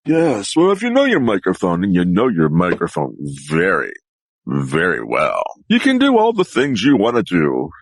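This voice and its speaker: Man rehearsing voices, wildly swinging pitch, slightly high, dry studio mic. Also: normal speed, vocal fry, dry recording. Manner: animated, jumps between voices, repeats lines. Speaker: voice actor practicing. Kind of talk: casual solo voice practice. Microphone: studio microphone up close.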